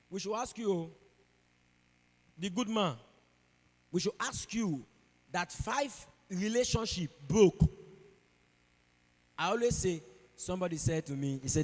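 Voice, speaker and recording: A man with a Nigerian accent giving an animated motivational talk at a conference, often acting out the voices of people he quotes. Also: sits high, a little slow, pauses often. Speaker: conference speaker. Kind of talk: motivational speech. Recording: echoey hall.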